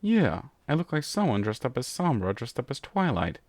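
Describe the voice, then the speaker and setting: A man's voice: mid-range voice, sing-song, normal speed, a little mellow, no echo. A man reading a pony story aloud and voicing a smug male villain showing off a homemade costume. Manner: smug and self-satisfied.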